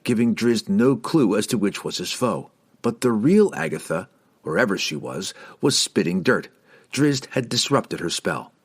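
A man reading a fantasy novel aloud as scripted narration, dramatic and rising on tense moments. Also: on the low side. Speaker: audiobook narrator.

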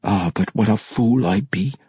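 A gruff old dwarf king, bowed by guilt and muttering low in rough, folksy speech, as an audiobook narrator puts him on. The voice sits low and a little husky, and the sound is dull and lo-fi. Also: measured pace, mellow, no echo. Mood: bitter muttering. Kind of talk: audiobook character voice.

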